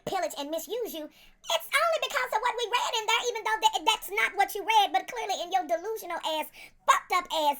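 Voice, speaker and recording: A woman giving a casual review in a profane, sassy, animated storytelling manner. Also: very high-pitched. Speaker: video reviewer.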